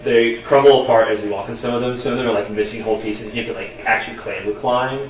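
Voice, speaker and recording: A man's voice: mid-range voice, fairly even intonation, fast talker, far from the mic. A game master voice from a man talking a tabletop scene into being, casual and searching for words. He sits back from the mic in a very echoey room. The sound is thin and phone-like with faint hiss. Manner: descriptive, loose, full of "like". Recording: tinny, echoey online call from the mic.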